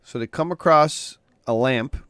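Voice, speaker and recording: A man's voice: medium pitch, unhurried, fairly bright tone, clean tone. A man co-hosting a casual comedy podcast, friendly and telling jokes. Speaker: podcast co-host.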